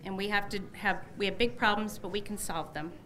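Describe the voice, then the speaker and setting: Bright, emotional woman giving a victory speech. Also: mid-range voice, steady tone, brisk. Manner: emotional, effusive and grateful, lists many thanks. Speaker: newly elected candidate. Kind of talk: election night victory speech. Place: campaign headquarters party.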